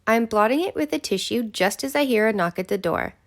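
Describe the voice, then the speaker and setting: Gravelly-voiced woman narrating a romance. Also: on the high side, animated, fairly quick. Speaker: audiobook narrator. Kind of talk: scripted first-person romance narration.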